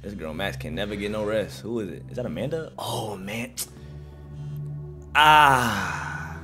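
A young man casually commentating on a video game, excitable and slangy, reading in-game texts aloud. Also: on the low side, measured pace, soft background music. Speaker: gaming streamer. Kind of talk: casual let's-play commentary.

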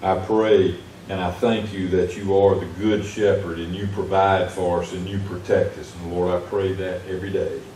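A man leading a quiet, reverent closing prayer that grows softer toward the end. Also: low-pitched, little pitch movement, normal speed, a little hiss or hum. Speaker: preacher. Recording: echoey church room from far off.

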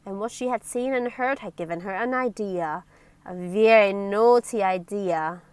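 A woman reading a children's storybook aloud in an expressive, playful way. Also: medium pitch, a little slow, smooth, no room sound. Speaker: story reader.

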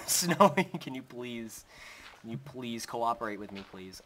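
A man's voice: mid-range voice, expressive, unhurried, fairly bright tone. A young man hosting a Minecraft let's play, chatting casually as he builds and talking to his in-game pet. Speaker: gaming channel host.

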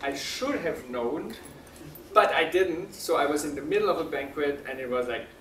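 A man telling a personal story to an audience, halting and full of fillers, laughing often. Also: a little high, lively intonation, fairly bright tone, slight background noise. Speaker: speaker at a talk. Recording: roomy sound from a distant mic.

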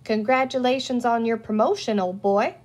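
A woman's voice: a little high, fairly even intonation, normal speed, a little mellow, lightly acted. A woman reading a storybook aloud and voicing a sly, theatrical male pirate villain with a mock-courtly, gloating manner.

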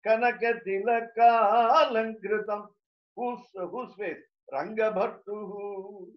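A man teaches scripture, carefully unpacking Sanskrit words one by one and pausing on frequent fillers. His voice sits a little high for a man. The recording sounds muffled and lo-fi. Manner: explains Sanskrit terms word by word, with frequent fillers and restarts. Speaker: religious teacher. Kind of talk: scripture lecture.

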